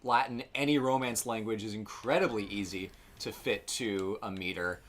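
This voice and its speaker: A man's voice: on the low side, steady tone, moderate pace, fairly bright tone. A man co-hosting a casual chat while playing a video game, explaining things at length and restarting his sentences often. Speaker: co-host.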